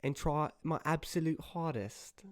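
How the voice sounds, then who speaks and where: A man putting on a prim lady polar bear with a put-on British accent, gracious and earnest. The voice rises higher but stays soft and unhurried. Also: dry recording, studio quality, close to an everyday voice. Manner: soft, polite and slow. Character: polite, earnest female polar bear performer.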